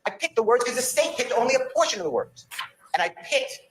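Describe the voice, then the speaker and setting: A man's voice: extremely high pitch, lively intonation, fast talker, fairly bright tone, reverberant, a little hiss or hum, poor audio. A man arguing as defense attorney before a judge, impassioned and insistent, pleading his point in a courtroom. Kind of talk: courtroom argument.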